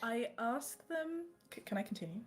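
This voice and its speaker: A woman's voice: fairly high pitch, lively intonation, normal speed. A woman playing a tabletop game, asking questions in a tentative, giggly way. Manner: tentative, asks permission, giggly. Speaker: player.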